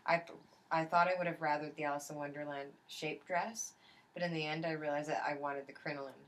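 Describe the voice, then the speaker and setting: A woman's voice: low voice, a little fast, poor audio. A young woman interviewing her mother in a casual family chat, telling stories with lots of restarts and acted-out quotes. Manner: animated storytelling, acts out quoted voices, many restarts. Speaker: interviewer, adult daughter.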